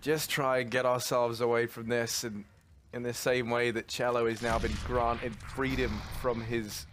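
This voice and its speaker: A man's voice: medium pitch, flat delivery, measured pace, fairly bright tone. A male esports commentator with a mid-range voice who hams up the drama of each round. He mixes play calls with silly bits aimed at his co-caster. Faint noise hums behind him. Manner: theatrical, silly jokes. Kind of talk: color commentary.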